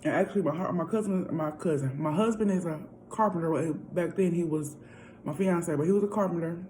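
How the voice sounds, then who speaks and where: Woman vlogger, casual storytime at home, warm mellow tone, faint room hum. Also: on the low side, fairly quick, poor audio. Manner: chatty, animated, addresses viewers directly. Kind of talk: casual storytime while eating.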